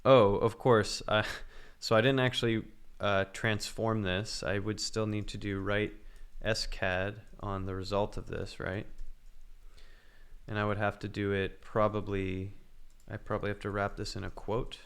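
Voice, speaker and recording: A man's voice: fairly low pitch, flat delivery, a little slow, smooth. A man livestreaming his programming work, thinking aloud in casual commentary and muttering as he goes.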